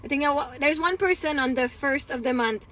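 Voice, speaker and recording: A woman's voice: sits high, fairly quick, bright, forceful tone, poor audio. A woman talking in a casual personal vlog, candid and rambling, venting frustration with swearing and laughter. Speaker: vlogger.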